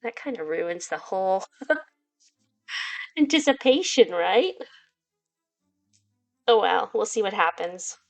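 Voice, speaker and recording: A woman's voice: medium pitch, expressive, slow, creaky, long pauses, faint music behind. A woman hosting a gaming channel, making chatty, giggly asides while she plays through a story game. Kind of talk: casual gameplay commentary.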